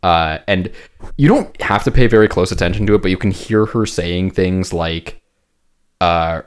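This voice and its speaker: A man's voice: deep voice, moderate pace, smooth. A man co-hosting a casual podcast, talking in a rambling way with many stammered restarts. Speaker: podcast co-host. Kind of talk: casual chat.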